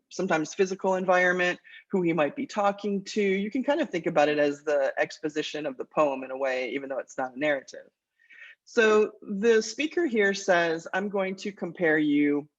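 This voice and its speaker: A woman, a college English teacher lecturing her class and reading verse aloud in a measured rhythm. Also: sits low. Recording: dull lo-fi lecture recording.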